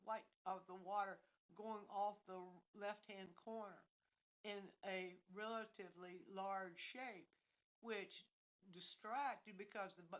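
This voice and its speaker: A woman's voice: mid-range voice, a bit bright, rough recording. A woman teaching painting on a livestream, explaining her points in a meandering way and thinking aloud with many restarts. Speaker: art instructor.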